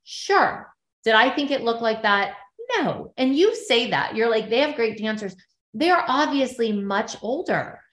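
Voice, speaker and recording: A woman's voice: a little high, a little slow. A woman chatting casually as a podcast co-host, telling stories animatedly and acting out what others said. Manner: animated storyteller, acts out quotes from others. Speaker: podcast co-host recapping a reality show she appeared on. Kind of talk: casual chat. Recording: roomy echo.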